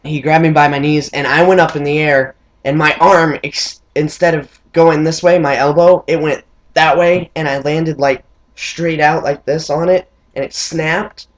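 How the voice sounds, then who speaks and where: Rambling young guy telling a story. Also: measured pace. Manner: rambling, filler-heavy, mimics friends in high excited voices. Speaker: vlogger.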